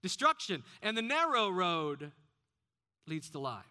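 A man's voice: high-pitched, sing-song, unhurried, sharp tone. A man preaching a sermon as pastor, often putting questions to the congregation.

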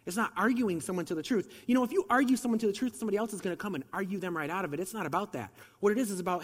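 Fast-talking preacher with a cold. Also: male voice, sits high, long reverb tail. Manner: conversational, fast, with rhetorical questions. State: has a cold. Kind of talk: sermon.

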